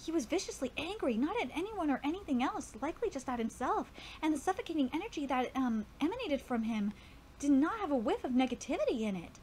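Woman streamer, high and very animated voice, excitable and cursing, reads manga aloud on a home mic with a faint hiss behind her. Tripping over words, she keeps up a chatty, reactive read. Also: fast talker. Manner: excitable, swears casually, stumbles over words.

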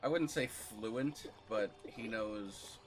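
Slow, chatty male game streamer from the United States, music in the background. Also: fairly low pitch. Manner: chatty, laughs easily, reacts to the game. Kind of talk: casual gameplay commentary. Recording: music playing behind.

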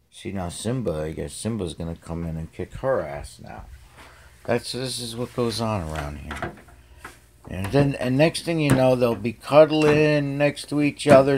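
A man's voice: mid-range voice, a little hiss or hum. A man filming his cats at home in the early morning, talking in a rambling, coarse, chatty way. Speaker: cat owner filming his pets. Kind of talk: casual home video chat.

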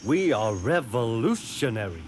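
Male narrator as a sly, arrogant cartoon diesel, slow and smug. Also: medium pitch, sing-song, over music. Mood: scheming. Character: boastful scheming male diesel engine.

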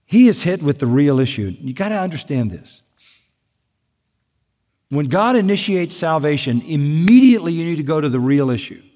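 A man preaching a sermon as pastor, emphatic, slowing down to stress key points. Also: on the high side, sing-song, dark tone. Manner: emphatic preaching, slows down for weight. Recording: long hall reverb.

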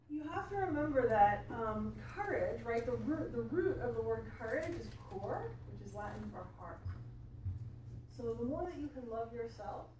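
A woman's voice: a little high, a little mellow. A woman life coach giving a casual, earnest motivational talk to a small audience, with frequent fillers and asides. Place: library event room. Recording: echoey room recorded from far off, faint background hum.

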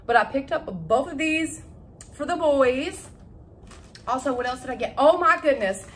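A young woman chatting casually to camera about her shopping haul, excitable and laughing at her own slips. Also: sits high, normal speed, a little hiss or hum. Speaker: vlogger showing a shopping haul. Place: at home.

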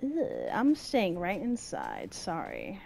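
A woman's voice: lowish voice, wildly swooping pitch, takes it slowly, creaky, background noise. A young woman commenting on a horror game, swearing a lot and talking to the game as she plays. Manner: swearing, jumpy, talks to the game. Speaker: gamer.

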